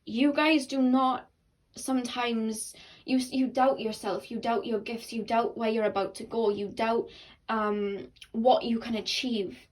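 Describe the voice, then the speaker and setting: A woman's voice: fairly high pitch, steady tone, unhurried, a little mellow, low-quality recording. A young woman giving a casual, earnest tarot reading to her viewers, rambling with fillers and restarts, at times tearful. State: tearful and emotional. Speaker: tarot card reader.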